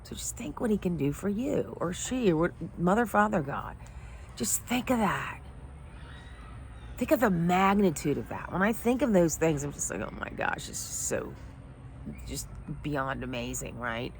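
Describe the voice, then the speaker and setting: A middle-aged woman with a somewhat low voice tells a personal story as a life coach. She talks in a heartfelt, emotional way. A faint noise sits behind her. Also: very animated, normal speed. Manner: emotional, heartfelt, teary at times.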